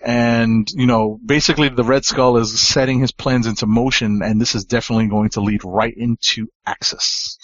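A man's voice: mid-range voice, steady tone, moderate pace, few pauses, dry recording, dull audio. Hesitant man chatting about comics. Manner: hesitant, many fillers and restarts. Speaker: podcast co-host. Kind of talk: casual comic book discussion.

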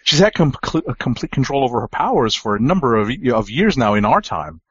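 A man's voice: mid-range voice, very animated, a little fast, slightly rough, dry recording, dull audio. A man co-hosting a casual comic book podcast, talking with many fillers and restarts. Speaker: podcast co-host.

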